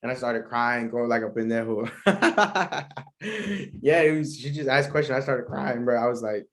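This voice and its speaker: A young man hosts a solo podcast, rambling in a laid-back way and laughing often. He speaks at normal speed in a mid-range voice.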